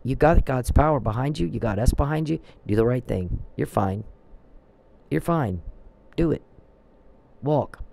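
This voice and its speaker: A man delivers a preachy, emphatic religious talk and quotes scripture as he goes. His voice is mellow and dark, with a gravelly creak, at a middle pitch. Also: normal speed, low-quality recording. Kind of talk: religious exhortation monologue.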